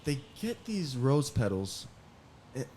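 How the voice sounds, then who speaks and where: Animated man telling stories casually. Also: medium pitch, takes it slowly, slight background noise. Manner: animated, acts out other voices, laughs often. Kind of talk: casual storytelling.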